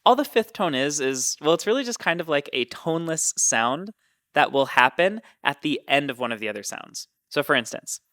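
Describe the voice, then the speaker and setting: A man's voice: fairly high pitch, expressive, moderate pace, fairly bright tone. A man teaching Mandarin tones, explaining patiently and demonstrating each sound. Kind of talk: explaining with spoken examples.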